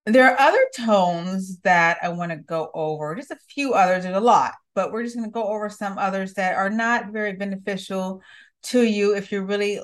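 A woman's voice: on the low side, a bit bright. A woman communication coach hosting her show, talking listeners through voice habits in a direct, encouraging way. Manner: direct, encouraging, repeats words for emphasis. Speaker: communication coach and podcast host. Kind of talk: coaching monologue.

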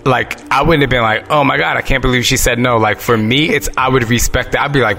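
A man's voice: medium pitch, quick pace, gravelly, pushed and bright, soft background music. A man hosting a podcast in casual conversation, earnest and openly emotional. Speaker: podcast host.

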